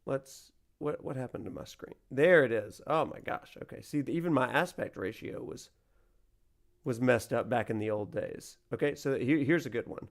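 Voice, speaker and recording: A man's voice: medium pitch, moderate pace, gravelly. Giggly self-mocking male streamer. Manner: animated, laughing, self-deprecating. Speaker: streamer and college professor. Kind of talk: casual stream chat.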